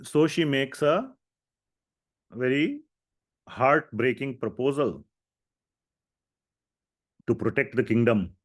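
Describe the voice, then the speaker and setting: A man's voice: mid-range voice, lively intonation, slow pace, long pauses. Casting note: a male scripture teacher with a mid-range voice who narrates story dialogue with fillers and a conversational flow. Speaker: lecturer. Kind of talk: scripture class commentary.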